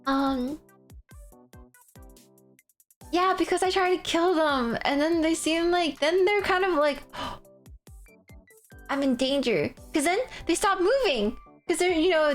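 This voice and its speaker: High-voiced giggly young woman streamer. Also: normal speed, hardly any pauses, faint music behind. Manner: rambling, giggly, animated storytelling. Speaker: livestreamer. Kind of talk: casual stream chat.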